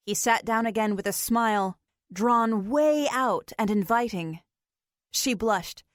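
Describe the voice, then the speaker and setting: A woman reading an audiobook as narrator in an even, measured way. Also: fairly high pitch, no room sound. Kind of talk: scripted narration.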